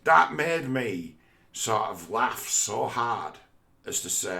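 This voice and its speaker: Low, gravelly man, rambling. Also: very animated, takes it slowly, sharp tone. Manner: swearing, rambling, conversational. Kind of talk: casual monologue.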